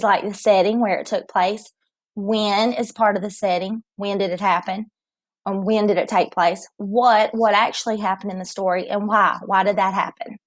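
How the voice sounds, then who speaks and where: A woman teacher giving a recorded reading lesson to young children, speaking slowly and clearly and sounding encouraging. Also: mid-range voice.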